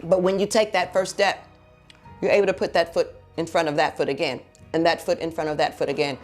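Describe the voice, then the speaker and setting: A woman's voice: fairly low pitch, expressive, brisk, soft background music. A woman preaching a heartfelt sermon, telling her own story and then leading a prayer in an earnest, exhorting way.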